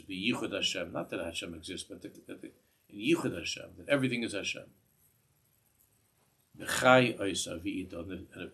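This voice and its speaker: New rabbi giving a class, low husky voice, keeps restarting his sentences. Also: a bit bright. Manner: earnest, repeats and restarts phrases, mixes in Hebrew and Yiddish terms. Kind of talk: sermon. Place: synagogue.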